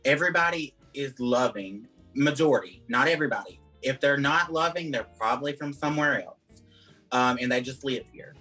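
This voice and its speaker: A man's voice: medium pitch, normal speed, pushed and bright, faint music behind, poor audio. A man with a Southern US accent, chatting as an interview guest and rambling through his answers with lots of "like" and "um". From Georgia, USA. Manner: chatty, rambling, heavy use of "like" and "um". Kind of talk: casual interview chat.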